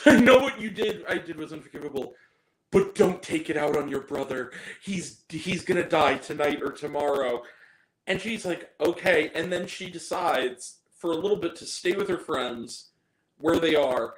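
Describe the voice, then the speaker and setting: A man's voice: on the high side, expressive, unhurried, roomy sound, rough recording. A man giving a casual spoken film review, ranting and swearing in exasperation. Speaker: movie reviewer.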